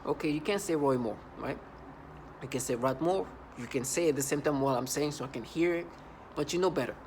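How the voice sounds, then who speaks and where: A man's voice: a little high, fast talker, a little mellow, a little hiss or hum. A man vlogging an angry monologue, agitated and repetitive, often stumbling and restarting his sentences.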